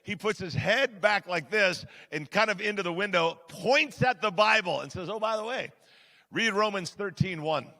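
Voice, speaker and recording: A middle-aged guest pastor preaches in a church sanctuary, telling a story in a chatty, self-deprecating way full of fillers. His voice sits high and sounds sharp and animated, moving at a normal speed. The large hall gives the recording a long reverb.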